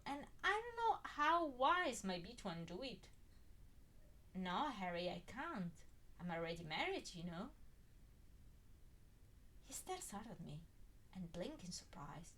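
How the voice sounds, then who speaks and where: A woman expressively reading a first-person fan fiction story aloud. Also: on the high side. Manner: expressive, swinging emphasis.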